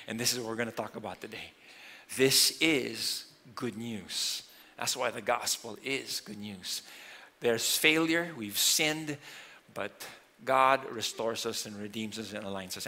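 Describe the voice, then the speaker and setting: A man, a pastor, preaching a sermon earnestly. He swings between loud emphasis and quiet, softer lines. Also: medium pitch.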